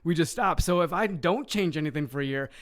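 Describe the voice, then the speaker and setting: A man's voice: on the high side, brisk. A man, an associate pastor, talking in upbeat casual chat and laughing easily.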